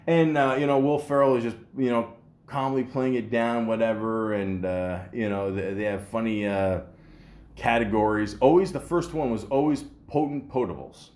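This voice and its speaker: A man's voice: medium pitch, moderate pace, a little mellow. A man hosting a podcast in casual chat, rambling with lots of fillers and frequent laughs. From Canada. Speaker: podcast host.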